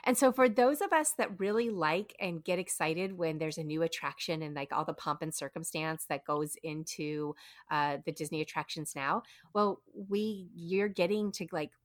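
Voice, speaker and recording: A woman's voice: on the low side, normal speed, dry recording, clean studio sound. A woman in her thirties co-hosting a podcast, chatting eagerly with lots of restarts. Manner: chatty, excitable, many restarts. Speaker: podcast co-host. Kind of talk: casual chat.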